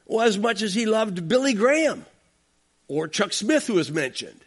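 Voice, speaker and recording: A male pastor preaches in an emphatic, conversational style, often checking in with his listeners. His voice sits high for a man and swoops widely in pitch as he makes his points. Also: lively intonation, normal speed, husky. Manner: emphatic and conversational, with asides like "okay?". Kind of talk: expository sermon.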